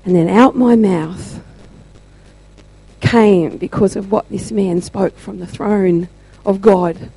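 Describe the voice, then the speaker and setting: A woman sharing a church testimony, telling her story slowly and deliberately with emphatic pauses. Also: medium pitch, vocal fry, mellow, slightly rough, poor audio.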